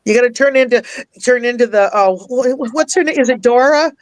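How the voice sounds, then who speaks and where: A woman tells a heartfelt personal story in an earnest, animated way, laughing often and repeating phrases for emphasis. She sounds close to tears at times. Her voice sits at an ordinary pitch, and the recording is dry and close. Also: a little fast, no echo. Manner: emotional, near tears at times. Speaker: guest, life coach and minister.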